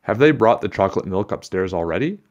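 A man's voice: deep voice, expressive, quick pace, a little mellow, highs cut off. A man reading aloud and voicing a mild, puzzled male schoolteacher in a storybook, with a quizzical manner.

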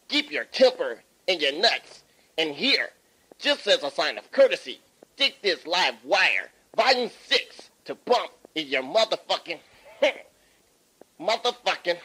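A man doing a calm old restaurant elder. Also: high voice, slightly rough, heavily acted, rough recording. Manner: slow, measured, humming between phrases.

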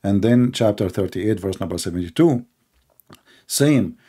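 A man's voice: on the low side, expressive, measured pace, dark tone, breathy edge. A man giving polemical commentary in a sarcastic, emphatic and mocking way. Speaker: religious debater.

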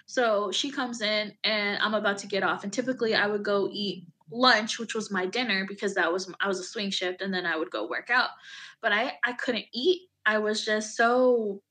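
A woman's voice: mid-range voice, normal speed, pushed and bright. A woman Army veteran in an interview, telling a painful personal story candidly, with many fillers. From United States.

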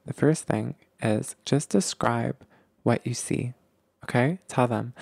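Man, mid-pitched and gravelly, coaching couples gently, dry close sound; keeps checking in. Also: slow pace, no echo. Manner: gentle, explanatory, often checks in with "okay?". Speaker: relationship coach. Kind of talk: relationship advice talk.

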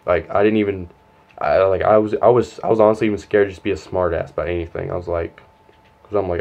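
A man's voice: low voice, fairly even intonation, fast, creaky, a little mellow, lo-fi sound. A young man telling a long, rambling, profane story from his school days, quoting others as he goes. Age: young adult. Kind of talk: casual storytime vlog.

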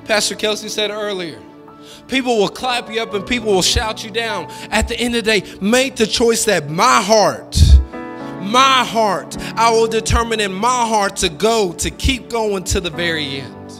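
A man preaching a sermon as pastor, with folksy, colloquial phrasing and call-and-response lines that build to fervent shouting. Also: high-pitched, normal speed, long reverb tail, over music. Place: church sanctuary.

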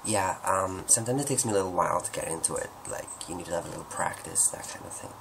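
A man's voice: deep voice, fast talker, creaky, background noise. A man answering viewer questions at home in a rambling, joking, self-deprecating way. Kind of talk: casual Q&A monologue.

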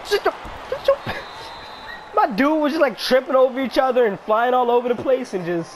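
A man's voice: very high voice, animated, moderate pace, background noise. A man playing a football video game, chatting casually, trash-talking and laughing often. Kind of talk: casual gameplay commentary.

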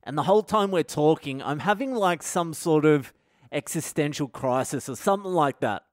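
Brief: male comic, sweary self-mocking storyteller, smooth clear voice, slightly high, dry sound. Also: lively intonation, normal speed, no echo. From Australia. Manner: profane, self-deprecating storytelling. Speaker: comedian and podcast host. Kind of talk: comedic storytelling podcast monologue.

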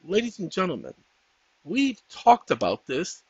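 Male host, high animated voice, folksy preacher-like delivery, dull dry lo-fi recording. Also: unhurried, husky, no echo. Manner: folksy, preachy, addresses viewers as ladies and gentlemen; breaks off to talk to his dogs. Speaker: channel host. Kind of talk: casual screen-share tutorial.

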